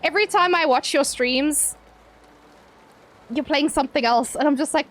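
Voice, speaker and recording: A woman's voice: sits high, unhurried, pauses often. A young woman streaming live, chatting playfully with her viewers, swearing casually and laughing often.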